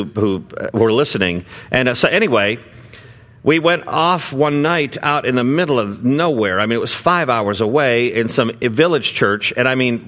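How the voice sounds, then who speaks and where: A middle-aged man, a pastor, preaching a sermon in a relaxed conversational way, with many fillers and restarts as he tells a story. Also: mid-range voice.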